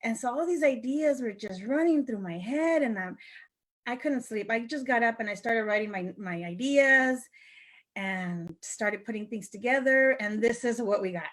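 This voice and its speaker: A woman's voice: on the high side, expressive, moderate pace, a bit bright. Chatty older woman telling a story. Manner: chatty, laughs often, acts out quoted friends. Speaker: sales representative hosting a live video. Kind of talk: casual storytelling to viewers.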